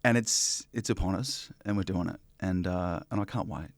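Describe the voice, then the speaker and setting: A man's voice: low-pitched, normal speed, no room sound. Chatty Australian man, dry sound. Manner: chatty, with many ums and restarts. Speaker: interview guest, broadcaster. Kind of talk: casual interview chat.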